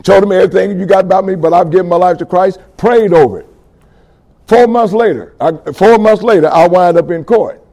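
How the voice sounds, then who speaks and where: A middle-aged man giving a fervent testimony sermon, calling out to his audience and building to loud passages. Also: sits high, a little fast, creaky. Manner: call-and-response with audience, rising fervor.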